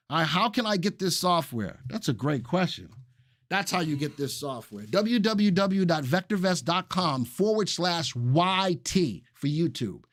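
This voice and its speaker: A man hosting a live stock analysis webinar, excited and repeating phrases for emphasis while he talks to chat viewers. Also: on the high side, unhurried, no echo, studio quality. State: excited and sweating. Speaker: stock market webinar host.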